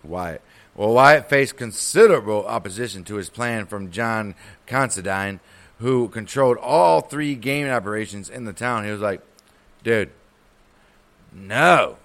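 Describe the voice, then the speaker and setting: A man's voice: lowish voice, moderate pace. A man co-hosting a history podcast, rambling and swearing as he acts out imagined scenes. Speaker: podcast co-host. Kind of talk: casual history podcast banter.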